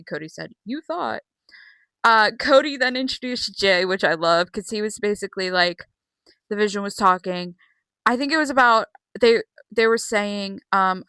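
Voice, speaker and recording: A girl rambling through an excited, sweary recap vlog with many fillers. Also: medium pitch, clean tone, dry recording. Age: young. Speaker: vlogger.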